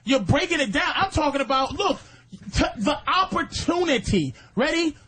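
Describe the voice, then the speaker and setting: Casting: high-pitched man, profane radio regular, argumentative and loud. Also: lively intonation, normal speed. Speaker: comedian regular on a radio show. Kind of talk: heated radio banter.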